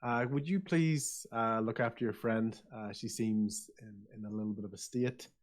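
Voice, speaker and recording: A middle-aged father holds his temper behind slow, hesitant politeness, as a man puts him on. The voice sits low. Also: natural voice. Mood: strained.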